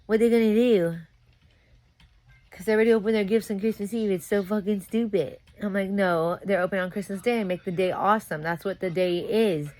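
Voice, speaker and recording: A woman's voice: mid-range voice, steady tone, brisk, hardly any pauses. A young woman venting in a casual monologue, cursing often and growing heated as she rants, worn out as a sleep-deprived new mother. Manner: profane, ranting, grows louder and heated. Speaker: vlogger.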